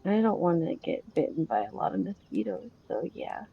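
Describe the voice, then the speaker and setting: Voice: mid-range voice, very animated, normal speed, creaky, phone-quality sound. A tabletop game player chatting casually about their character's choices, hesitant and rambling.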